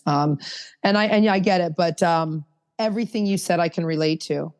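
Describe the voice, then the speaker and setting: A woman's voice: lowish voice, fast, darkish tone. A middle-aged woman hosting a podcast, frank and chatty, speaking in loose fragments. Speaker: podcast host. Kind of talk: casual conversation.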